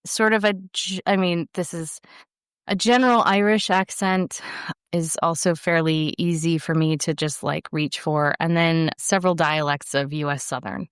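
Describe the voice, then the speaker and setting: A young woman talks casually about her narrating work, her voice smooth and on the lower side. She rambles with plenty of "like" and "you know", trailing off and restarting. The recording is dry and close. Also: fairly even intonation, normal speed, no room sound. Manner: rambling, lots of fillers, self-deprecating laughs. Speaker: audiobook narrator, guest. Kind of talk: casual interview chat.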